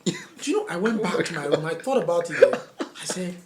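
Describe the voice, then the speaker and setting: Animated young man from Nigeria. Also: sits high, brisk, a little hiss or hum. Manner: animated, acts out quotes, laughs often. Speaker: podcast guest, comedian. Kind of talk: casual storytelling chat.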